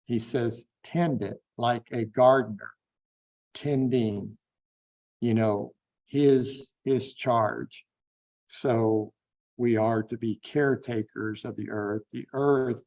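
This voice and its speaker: A man teaching a Bible class, unhurried and thinking aloud with frequent fillers. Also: mid-range voice, fairly even intonation, vocal fry, darkish tone. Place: online classroom.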